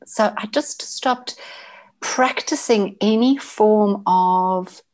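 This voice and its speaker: A woman, sharing a personal story as an interview guest in a casual, halting way, often restarting and repeating words. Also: medium pitch, darkish tone.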